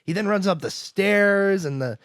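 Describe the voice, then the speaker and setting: A high-pitched man co-hosts a podcast, casually recapping a film and laughing often as he acts out the characters' lines in quick voices. He's animated, trailing off and restarting, and the recording has no room sound.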